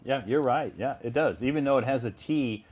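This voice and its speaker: A male English teacher hosting a live online lesson. He talks in an easygoing, agreeable way and slows down to model how words are pronounced. His pitch sits in a middle range. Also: a little mellow.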